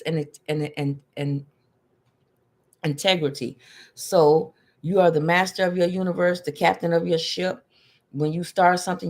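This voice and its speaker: Chatty tarot reader who stumbles over words. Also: mid-range voice. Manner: chatty and repetitive, stumbles over hard words, laughs at own slips. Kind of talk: casual live-stream reading to viewers.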